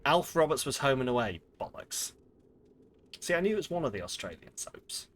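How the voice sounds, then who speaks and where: A man's voice: mid-range voice, big pitch swings, moderate pace, a bit bright, slight background noise. A man chatting casually with viewers while streaming a game, rambling and swearing freely. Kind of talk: casual live-stream chat while gaming. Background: game music.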